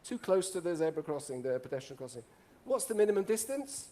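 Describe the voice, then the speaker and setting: A middle-aged man with a rather high-pitched voice tells lively stories to a room full of listeners. He jokes and quizzes the audience as he goes, in an animated, playful manner. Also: brisk. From Italy. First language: Italian. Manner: animated and joking, asks the audience questions. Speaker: speaker. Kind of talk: storytelling talk to a live audience.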